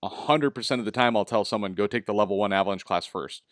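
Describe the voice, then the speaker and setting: A man's voice: fairly low pitch, quick pace, no room sound, clean studio sound. A middle-aged man hosting a casual interview, talking in an easygoing coaching way, often asking "right?". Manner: easygoing, coaching tone with lots of "you know" and "right?". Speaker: host.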